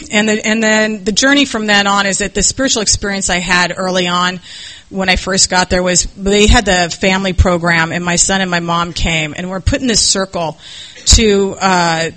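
Candid woman with a bright voice. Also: mid-range voice, steady tone, normal speed, poor audio. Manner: candid storyteller, acts out other people's voices, laughs through the story. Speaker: recovering alcoholic telling her story. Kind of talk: personal recovery testimony.

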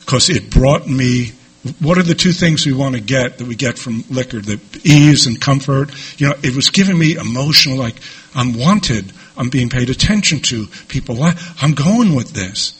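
A middle-aged man telling his own recovery story to a group, candid and lively, with asides to the listeners. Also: mid-range voice, normal speed, breathy edge. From New York. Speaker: recovery speaker. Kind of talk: personal recovery talk to a group.

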